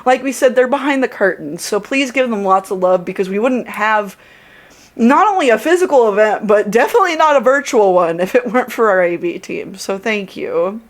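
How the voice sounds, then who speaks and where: A woman's voice: mid-range voice, expressive, a little fast. A woman hosting a livestream's closing remarks, thanking the team in a bubbly, effusive way. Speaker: convention staff host.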